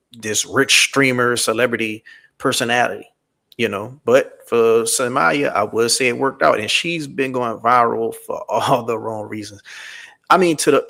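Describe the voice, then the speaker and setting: Male host, gravelly voice, casual slangy reaction commentary. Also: medium pitch, fairly bright tone.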